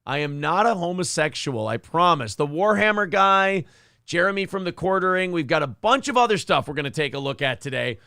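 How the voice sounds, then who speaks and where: Gravelly-voiced man hosting crude chat. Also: fairly high pitch, animated, fairly quick, pushed and bright, no room sound, clean studio sound. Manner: crude, joking, self-mocking. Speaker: morning show host reading live chat. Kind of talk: casual profane chat.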